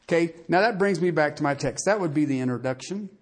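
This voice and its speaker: A lively preacher mid-sermon, the voice climbing and dropping across a wide range. The delivery is folksy and conversational, built on rhetorical questions tossed out to the listeners. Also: mid-range voice, fast talker.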